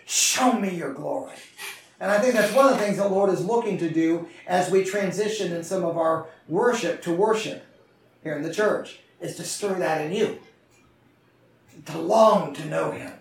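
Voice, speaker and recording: A high-voiced male pastor preaches with passion in a church sanctuary, using call-and-response to engage the congregation. The audio is distant and echoey, with a little hiss or hum.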